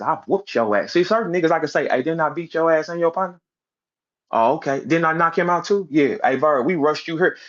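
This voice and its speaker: A man rants hard and keeps confronting someone who is not there, cursing and throwing in mocking impressions. His voice sits a bit high for a man. The audio comes through muffled and lo-fi, like a live stream. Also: fairly bright tone. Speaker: battle rap personality on a live audio space. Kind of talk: heated rant.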